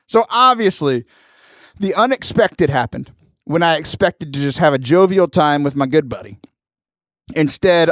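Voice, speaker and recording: Animated man telling a story. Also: on the high side, no room sound, studio quality. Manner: animated, laughing often, mimics voices in anecdotes. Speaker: podcast host. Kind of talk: casual storytelling.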